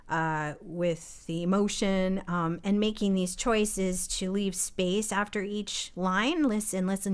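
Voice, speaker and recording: A woman's voice: mid-range voice, a bit bright, clean tone. A woman composer in a casual live-streamed chat, reflectively talking through how she wrote a song. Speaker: composer and co-artistic director. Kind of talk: casual conversation about songwriting.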